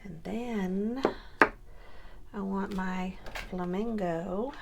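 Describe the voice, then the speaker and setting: In a very noisy recording, a woman with a creaky, medium-pitched voice speaks very slowly. She's scrapbooking on camera, keeping up a casual crafting chat and muttering to herself as she works.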